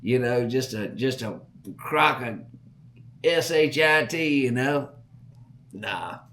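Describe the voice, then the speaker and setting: A man from Southern Virginia with a Southern accent, hosting a podcast and telling hunting stories in a folksy, animated way. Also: medium pitch, slow. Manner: folksy, animated, repeats words while telling a story. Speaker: podcast host. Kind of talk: casual storytelling.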